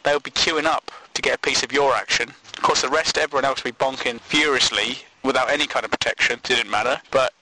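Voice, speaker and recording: A man's voice: mid-range voice, sharp tone, slight background noise, poor audio. A man rambles through a comic monologue, swearing and laughing at his own jokes.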